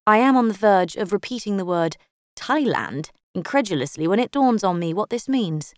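A woman's voice: medium pitch, expressive, moderate pace, no room sound. A woman narrating a first-person story in a wry, dryly sardonic way, close to the mic. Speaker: audiobook narrator.

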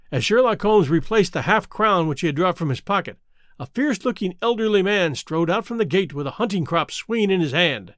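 A man narrating a classic detective story in a measured, expressive reading. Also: sits high, no room sound, clean studio sound. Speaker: audiobook reader.

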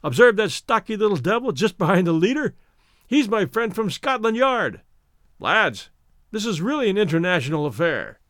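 A boisterous, mocking Irish rogue, as a man puts him on in a storybook reading. The voice sits high and swings widely in pitch. The recording is dry and close. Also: big pitch swings, moderate pace, a bit bright, dry recording. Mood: jovial, teasing. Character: jovial Irish man, bold and teasing.

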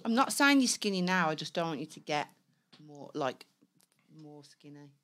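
A woman's voice: deep voice, sing-song, moderate pace, fairly bright tone. A woman co-hosting a podcast, chatting frankly and casually and swearing freely. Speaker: podcast co-host. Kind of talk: casual banter.

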